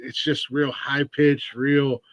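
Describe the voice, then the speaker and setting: A man's voice: mid-range voice, little pitch movement, takes it slowly, no echo, highs cut off. A man from Ohio hosting a casual podcast interview, rambling with many restarts and fillers. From Ohio, USA. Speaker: podcast host.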